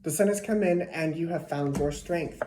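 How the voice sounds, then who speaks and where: A woman with a slightly low, mellow voice reads tarot cards for a zodiac sign in a loose, chatty way. She repeats herself, restarts her sentences, and sometimes drops to a hushed whisper. The recording sounds like a bare, echoey room. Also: moderate pace. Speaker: tarot reader. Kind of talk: casual tarot reading. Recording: echoey room with faint noise.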